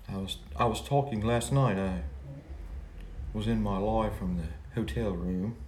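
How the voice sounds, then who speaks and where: A man playing a boastful, self-important true-crime livestreamer who rambles and swings between loud complaints and hushed asides. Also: fairly low pitch, echoey room, a little hiss or hum, natural voice. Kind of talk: parody livestream monologue.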